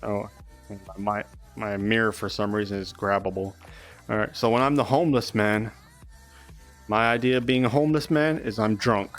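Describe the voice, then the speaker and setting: A man's voice: fairly low pitch, steady tone, normal speed, soft background music. A young man chatting casually and rambling on a live stream, swearing often.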